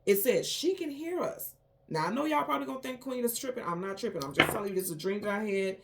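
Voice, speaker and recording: A woman talks straight to her viewers in an emphatic, storytelling way. Her pitch sits in an ordinary middle range, and she pushes hard on key lines with rising indignation. Her delivery is casual and conversational. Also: very fast, gravelly, heavy background noise. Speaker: tarot reader, channel host. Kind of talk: casual spoken monologue.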